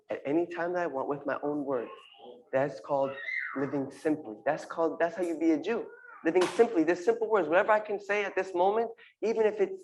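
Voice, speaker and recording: Brief: earnest congregant delivering a short drash, mid pitch, repeats key phrases. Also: rough recording. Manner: earnest, repeats phrases, uses Hebrew terms. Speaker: congregation member giving a drash. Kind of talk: informal sermon talk.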